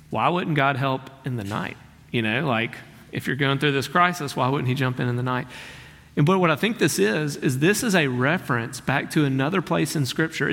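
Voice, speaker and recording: Earnest male preacher in a reverberant hall. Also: a little high. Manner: earnest, emphatic preaching with slowed, softened key phrases. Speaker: pastor. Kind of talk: sermon.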